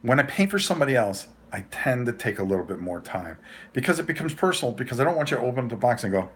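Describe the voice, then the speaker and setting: A man hosting a casual live vlog, telling a rambling, animated story with frequent restarts. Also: medium pitch, quick pace, slight background noise. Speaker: host.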